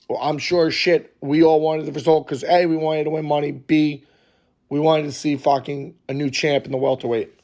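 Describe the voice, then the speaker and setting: Heated, foul-mouthed sports podcast man. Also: fairly high pitch. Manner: profane, heated and excitable, swears constantly. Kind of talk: casual sports podcast storytelling.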